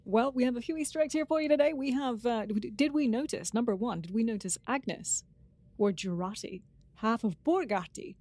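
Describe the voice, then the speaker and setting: A woman's voice: fairly high pitch, moderate pace, darkish tone. A woman co-hosting a podcast, chatting casually and rambling a little as she runs through points. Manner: chatty, rambling, repeats words. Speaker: podcast co-host.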